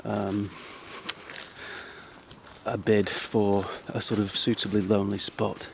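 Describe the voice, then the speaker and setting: Slow, gravelly man rambling deadpan. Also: fairly low pitch, a little hiss or hum, low-quality recording. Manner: hesitant, halting, full of ums and restarts; dry, self-deprecating. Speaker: comedy vlogger. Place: outdoors on a countryside path.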